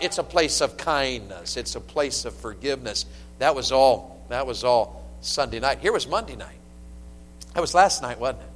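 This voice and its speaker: A middle-aged man preaching a sermon in a church, emphatic and story-driven, swinging from loud peaks to hushed asides. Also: medium pitch, lively intonation, moderate pace. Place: church sanctuary. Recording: echoey church hall.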